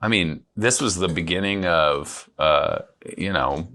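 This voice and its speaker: A man hosting a podcast, asking relaxed and slightly hesitant questions. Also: low-pitched, a little slow. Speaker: podcast host. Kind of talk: casual interview questions.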